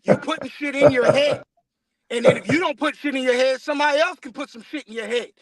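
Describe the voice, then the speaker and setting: High-voiced, profane animated man. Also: fast, a loud crowd. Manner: profane, animated storytelling with acted-out quotes. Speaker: co-host. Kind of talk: casual spiritual discussion.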